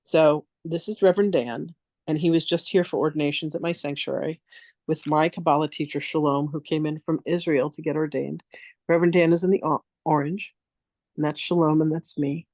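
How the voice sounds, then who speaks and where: Speaking fairly quickly in a low voice, with no room sound, a woman tells stories in a spiritual masterclass. She's lively, frank and casual, swears now and then, and performs the voices of the people she quotes.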